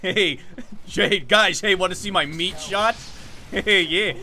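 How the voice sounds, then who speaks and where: A man's voice: sits high, slow pace, bright, forceful tone, exaggerated voice. A man putting on the voice of Scout, a cocky young shooter-game runner, bragging and rambling in game voice chat. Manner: boastful, rambling, goofy. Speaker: streamer.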